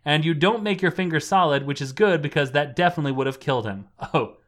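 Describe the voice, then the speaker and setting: A man's voice: fairly high pitch, fast talker, a bit bright. A man co-hosting a comedy podcast, reading an adventure book aloud with dry, sarcastic asides. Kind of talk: casual comedic chat and narration.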